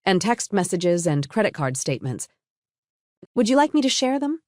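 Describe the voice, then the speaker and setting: A woman voicing a composed young woman who calmly confronts a betrayal, her tone cool and pointed. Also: on the low side, moderate pace, no room sound, clean studio sound. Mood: cold. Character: calm, cutting young woman exposing a cheater.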